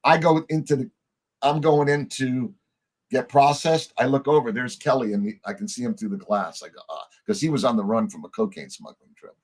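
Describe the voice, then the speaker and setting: A middle-aged man, a podcast guest, telling a story in a lively way, acting out the lines of the people in it and swearing casually. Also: mid-range voice, moderate pace. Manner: animated storyteller, acts out quoted dialogue, swears casually.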